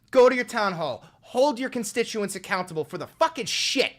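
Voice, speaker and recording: A man's voice: sits high, animated, normal speed, hardly any pauses. A man in his twenties giving profane, impassioned political commentary on a livestream into a desk microphone. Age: 20s. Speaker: live streamer.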